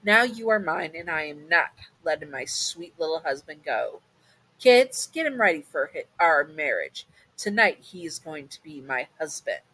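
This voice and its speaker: A woman's voice: deep voice, animated, normal speed, pushed and bright, slightly rough, dry recording, heavily acted, rough recording. A woman voicing a sly, possessive female bogeyman monster who gloats and teases with pet names. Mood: gloating.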